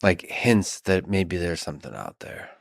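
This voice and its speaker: A man with a very deep voice hosts a podcast and offers slow, musing remarks. He speaks reflectively and thinks out loud. The sound is dry, with no room echo. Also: sing-song, vocal fry. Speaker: podcast host. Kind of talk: reflective conversational interviewing.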